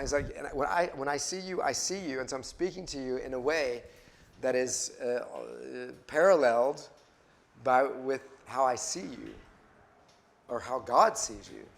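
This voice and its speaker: A man teaches a faith lesson in an easy, conversational way, putting questions to the room as he goes. He often circles back and restarts his phrases mid-thought, and his pitch sits in a middle range. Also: creaky. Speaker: Bible study teacher. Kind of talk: interactive class teaching.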